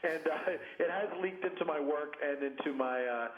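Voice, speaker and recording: A man's voice: on the high side, moderate pace. A comedian phoning in, rambling and self-mocking, often laughing at his own jokes. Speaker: comedian guest. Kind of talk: phoned-in comedy chat. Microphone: phone. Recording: muffled echoey phone line with noise.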